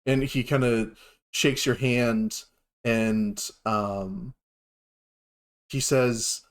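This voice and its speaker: A man's voice: mid-range voice, slow pace. Man running a tabletop game. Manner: relaxed, filler-heavy narration. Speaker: game master.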